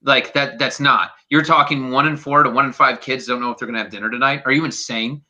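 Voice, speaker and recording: A man talking fast and heatedly as a guest in a political chat, emphatic and casually swearing. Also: mid-range voice, steady tone, sharp tone, highs cut off. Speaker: guest, teacher intern.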